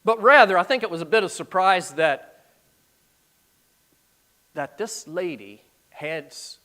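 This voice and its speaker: A middle-aged man preaches with a lively, swooping delivery, his pitch rising and falling as he reads. He moves between formal scripture reading and plain, conversational asides, in a voice set a little higher than most men's. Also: measured pace, pauses often. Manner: animated, breaks into plain-spoken asides between archaic scripture. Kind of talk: sermon, reading and explaining scripture.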